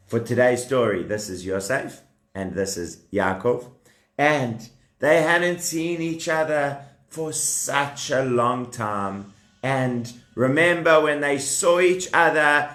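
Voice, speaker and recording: Guy telling kids a puppet story at home, slow and bouncy, asks them stuff, echoey room. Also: medium pitch. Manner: animated, asks the kids questions. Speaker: children's storyteller.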